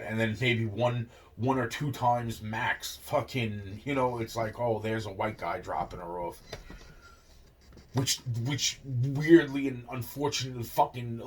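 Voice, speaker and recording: A man's voice: mid-range voice, slight background noise. A young man telling a long rambling story, swearing constantly and looping on filler phrases. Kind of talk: rambling monologue.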